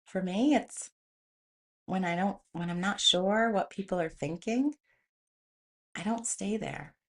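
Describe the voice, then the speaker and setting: A woman's voice: mid-range voice, slow pace. A woman hosting a motivational talk, speaking in a conversational way and telling stories with animation. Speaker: host.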